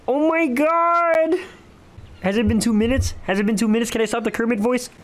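Excitable man streaming a cozy game. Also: very high voice, fast talker. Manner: excitable, slangy, chatty with his chat. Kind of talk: casual livestream gaming chat.

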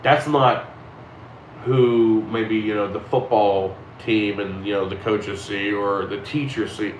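A man's voice: fairly low pitch, steady tone, slow, roomy sound, a little hiss or hum, rough recording. A man in his thirties, a streamer, talking candidly and rambling in a casual reflective monologue, with frequent restarts and swearing.

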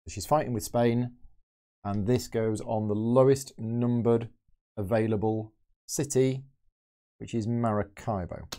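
A man's voice: medium pitch, steady tone, unhurried, pauses often, dark tone. A man hosting a board game channel, thinking aloud as he plays through a solo game and explains each move. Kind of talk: solo game playthrough commentary.

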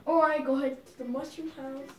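A woman's voice: sits high, flat delivery, brisk, reverberant, recorded from a distance, soft background music. A woman hosting a casual gameplay video, chatty and giggly, rambling with fillers. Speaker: gaming channel host.

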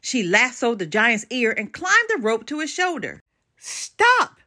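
Older woman reading a storybook expressively. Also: a little high. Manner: expressive, animated storytelling with dramatic pauses. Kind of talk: children's storybook read-aloud.

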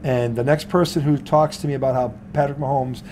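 A man's voice: mid-range voice, fairly even intonation, a little fast, a little mellow, slight background noise. A male sports talk host from the Boston area, ranting heatedly with lots of swearing and laughing mid-rant.

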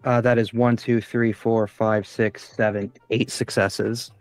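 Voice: medium pitch, little pitch movement, a little slow, no room sound, soft background music. Casual tabletop player counting dice. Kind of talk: tabletop game play.

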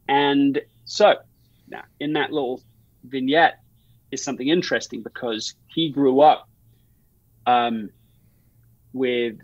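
A man's voice: mid-range voice, no room sound, muffled recording. A man talking as a guest in a podcast interview, rambling through an anecdote with many restarts and fillers. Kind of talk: conversational interview.

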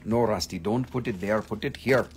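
A man's voice: fairly low pitch, moderate pace, a little hiss or hum. A man hosting a casual live stream where he sells rocks and crystals, joking, rambling, and swearing freely. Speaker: crystal shop host.

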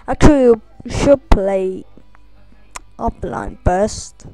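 High-pitched goofy woman gaming. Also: lively intonation, takes it slowly, warm tone, soft background music. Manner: goofy, crude, yelps and squeals at in-game mishaps. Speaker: gameplay commentator. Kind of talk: let's play commentary.

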